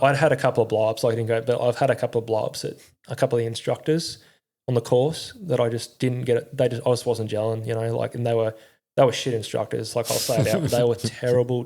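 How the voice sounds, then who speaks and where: A young man speaks in a gravelly, mellow voice with little rise and fall. He tells his story candidly in an interview. His speech is halting and full of fillers, with frequent swearing. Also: medium pitch. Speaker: podcast guest, army veteran.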